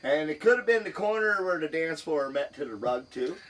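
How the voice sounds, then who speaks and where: A man's voice: a little high, lively intonation, brisk, a bit bright, recorded from a distance. A man with a Cape Breton accent, co-hosting a podcast. He talks in an easygoing, casual way and swears freely. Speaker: podcast co-host. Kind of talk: casual chat. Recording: a bit off-mic, faint background hiss.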